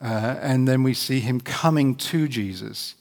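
A man preaching a sermon to camera in a conversational, earnest way, slowing down to read scripture. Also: medium pitch, gravelly, darkish tone. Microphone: camera facing speaker.

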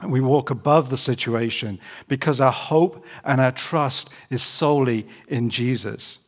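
A man preaching a sermon to camera in a conversational, earnest way, slowing down to read scripture. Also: mid-range voice. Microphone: camera facing speaker.

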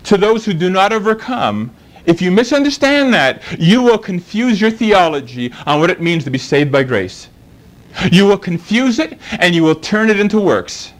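A man's voice: high voice, big pitch swings, normal speed, rough recording. A man preaching a sermon, emphatic and fond of rhetorical questions.

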